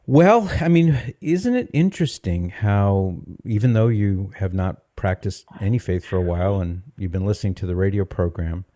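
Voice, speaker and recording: A man's voice: fairly low pitch, expressive, moderate pace, hardly any pauses, dark tone, no room sound, studio quality. A man hosting a call-in radio show, speaking to a caller in a reassuring, encouraging way. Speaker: radio host.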